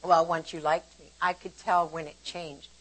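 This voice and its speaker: An older woman leads a devotional Bible lesson in a relaxed, chatty way. She moves easily between explaining scripture and telling lively stories from her own life. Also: sits low, normal speed, poor audio. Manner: conversational and animated, shifting between warm explanation and lively retelling. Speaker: Bible teacher. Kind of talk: casual devotional teaching.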